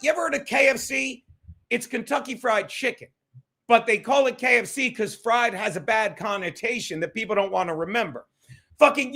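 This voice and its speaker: High-pitched guy with a sharp bright voice ranting on his livestream, cussing a lot, shouting out viewers. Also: vocal fry. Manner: profane, combative, thanking viewers by name. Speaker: livestream host.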